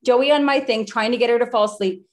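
A woman's voice: a little high, fast talker. Chatty woman telling a story on a video call. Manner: chatty, with many "like" fillers and breathless retelling. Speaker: podcast guest. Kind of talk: casual conversational storytelling.

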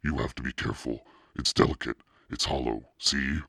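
An energetic, insistent mother who talks briskly, as a man voices her in his own very low, gravelly register. The sound is close and dry, with no room behind it. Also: no echo, heavily acted. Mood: proud. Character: energetic, fast-talking artist mother.

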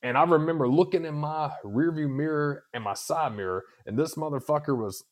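A man's voice: a little high, a little fast. A man co-hosting a casual podcast, telling stories with plenty of cursing. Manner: profane, animated storytelling. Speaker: co-host.

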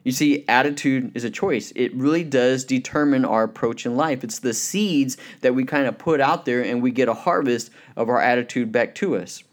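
A man's voice: mid-range voice, moderate pace, hardly any pauses. Earnest man giving a motivational talk. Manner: earnest, conversational, many "you know" fillers; tells anecdotes with lively acted quotes. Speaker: speaker.

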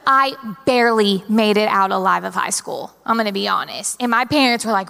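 A young woman preaching a sermon in a large church, telling stories with animated, dramatic delivery. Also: fairly high pitch, brisk, gravelly, hardly any pauses. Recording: long hall reverb.

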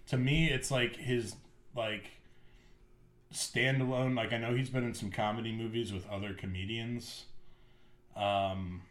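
A man's voice: mid-range voice, fairly even intonation, unhurried, long pauses, fairly bright tone, roomy sound. A man co-hosting a podcast, chatting casually and rambling with lots of fillers. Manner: rambling, filler-heavy, enthusiastic. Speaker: podcast co-host. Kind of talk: casual chat.

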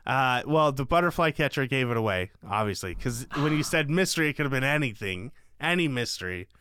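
A man's voice: mid-range voice, a little fast, slight background noise. A young man co-hosting a podcast, chatting casually and joking with lots of fillers. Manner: joking, lively, filler-heavy. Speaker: podcast co-host. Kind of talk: casual chat.

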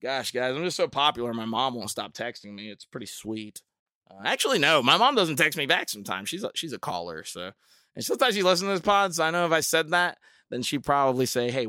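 A man's voice: mid-range voice, sharp tone, no room sound, studio quality. A man in his thirties hosting a solo podcast, rambling through jokey tangents with lots of fillers and restarts. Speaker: podcast host and middle school teacher.

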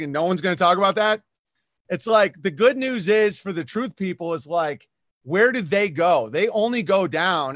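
A man's voice: high voice, fairly bright tone, dry recording, studio quality. A man, a comedian, talking in a casual podcast chat, ranting animatedly and mocking the people he quotes. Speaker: comedian guest.

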